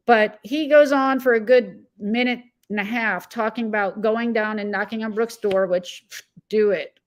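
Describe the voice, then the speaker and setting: A woman's voice: fairly high pitch, steady tone, moderate pace. A woman hosting a casual live-stream commentary, agitated and blunt, reading chat messages and answering viewers by name. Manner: rambling with fillers and self-corrections.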